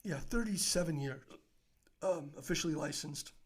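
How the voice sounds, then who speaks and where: A man with a notably high speaking voice spins a rambling, animated story as a podcast guest. He acts out everyone's lines himself, drops in fillers and the occasional swear word, and keeps it conversational. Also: moderate pace, husky. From United States. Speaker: podcast guest, business owner.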